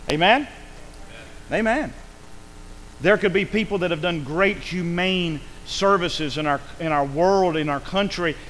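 A man preaching a sermon in an emphatic way, swinging between loud calls and quiet lines and asking for amens. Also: sits high, a little hiss or hum, rough recording.

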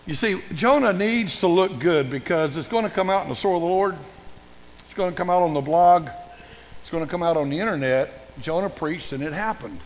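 High, gravelly older preacher. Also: male voice, long reverb tail, a little hiss or hum, poor audio. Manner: folksy, humorous, animated storytelling. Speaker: pastor. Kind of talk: sermon.

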